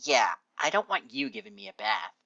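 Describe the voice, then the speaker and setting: A man voicing a cranky, tomboyish female pegasus pony in a fan fiction reading, gruff and defensive. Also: mid-range voice, sing-song, normal speed, pushed and bright, dry recording, highs cut off. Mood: grumpy.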